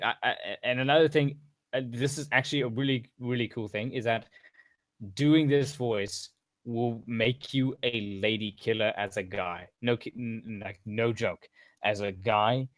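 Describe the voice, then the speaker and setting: A man's voice: medium pitch, dry recording. A man casually coaching a voice-training session over voice chat, rambling with frequent restarts and asides.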